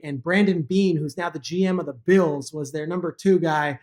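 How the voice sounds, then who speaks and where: A man who is a guest on a talk show, telling a story with lively energy and acting out the people he quotes. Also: on the high side, moderate pace. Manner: animated, acts out quotes with raised voice. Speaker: podcast guest, football analyst. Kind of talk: animated storytelling.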